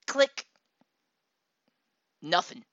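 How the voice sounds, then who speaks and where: A woman in her thirties telling a personal story in a casual, animated way, laughing often and acting out the people she quotes. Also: drawn-out words, no echo. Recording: dull lo-fi dry recording.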